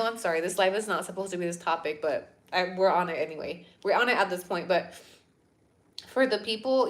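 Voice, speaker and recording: Blunt, swearing woman livestreamer. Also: fairly low pitch. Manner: blunt, swearing, animated ranting. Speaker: host of a livestream. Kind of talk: casual livestream chat.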